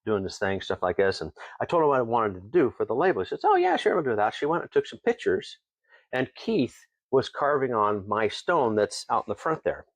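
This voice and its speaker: Dry audio captures a lowish, brisk male voice belonging to a distillery owner from Tenino, Washington. As a guest in a relaxed interview, he tells homespun stories, chuckling along the way and animatedly voicing the lines of the people in them.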